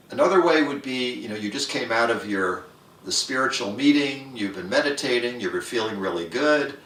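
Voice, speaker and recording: Brief: man, lowish pitch, forceful bright tone, playful comic rant, recorded from a distance in an echoey room. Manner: playful, acts out inner voices in a higher pitch. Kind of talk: humorous rant to camera. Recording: roomy echo, mic at a distance.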